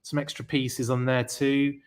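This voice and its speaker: A man hosting a live podcast stream, chatty and excited, gushing over a collectible and reading viewer comments aloud. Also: mid-range voice, measured pace, smooth. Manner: chatty, many fillers and restarts. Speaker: podcast host.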